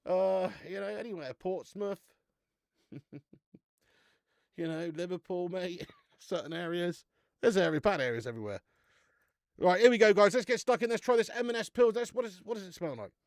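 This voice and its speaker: A man's voice: high-pitched, moderate pace, long pauses, no room sound, clean studio sound. A man hosting a live beer-review stream, chatting casually, laughing often and calling his viewers mate.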